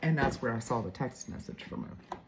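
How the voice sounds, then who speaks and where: A woman's voice: very deep voice, expressive, a little fast, background noise. Emotional chatty woman in her forties. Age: 40s. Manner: heartfelt, emotional, chatty with fillers. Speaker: vlogger. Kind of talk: casual storytelling to viewers.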